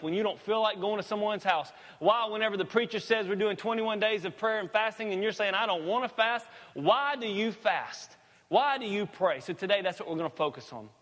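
A high-voiced man preaches a sermon in a casual, folksy way, breaking off for quick jokes. His voice rings with the long reverb of a big church hall. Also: fairly bright tone. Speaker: pastor. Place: church sanctuary.

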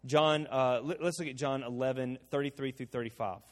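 A man preaching a sermon as pastor, animated and joking, swinging between loud emphasis and quiet asides. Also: mid-range voice, brisk. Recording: long reverb of a large hall.

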